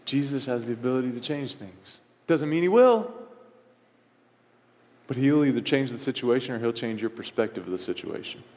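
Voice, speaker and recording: A middle-aged man preaching from the pulpit, hammering short phrases again and again and swinging up into emphatic peaks. His mid-pitched voice rings out in a church sanctuary, trailing a long hall reverb. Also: quick pace, few pauses, a little mellow. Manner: punchy, repetitive preaching with rising emphatic outbursts. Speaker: pastor. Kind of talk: sermon.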